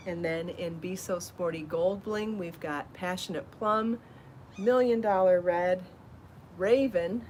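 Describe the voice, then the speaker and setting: A woman hosting a live crafting show, chatty and enthusiastic, out of breath from rushing around and trying on garments. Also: on the low side, darkish tone, a little hiss or hum. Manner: chatty and enthusiastic, laughs at herself. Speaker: podcast host showing her yarn designs. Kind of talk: casual live show chat.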